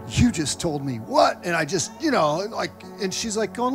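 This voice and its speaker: High-voiced animated preaching man. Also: fairly quick, hardly any pauses, soft background music. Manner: animated storytelling, acts out quoted voices. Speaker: pastor. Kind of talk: sermon. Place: church sanctuary.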